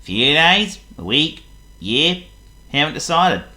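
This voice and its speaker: A man's voice: a little high, sing-song, slow, bright, forceful tone, pitched above the performer's own voice, heavily acted. A man doing a breezy, clumsy chap. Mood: cheerful. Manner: breezy, upbeat. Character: cheerful clumsy man, carefree and chatty.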